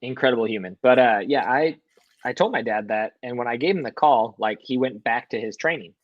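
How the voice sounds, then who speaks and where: Young guy on a podcast in a hotel room, tells stories all animated, cusses, kinda dull dry sound. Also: mid-range voice, fairly quick, no echo. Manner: animated, swears, acts out quotes. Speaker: podcast guest. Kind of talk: casual storytelling.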